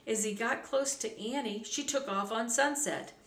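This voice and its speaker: A woman narrating a children's storybook aloud in a measured, clear, expressive way. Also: on the high side. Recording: roomy echo, faint background hum.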